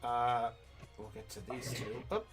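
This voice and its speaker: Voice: mid-range voice, a little slow, over music, rough recording. A game master narrating a tabletop game on stream, rambling and correcting themself. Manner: rambling, self-correcting, animated.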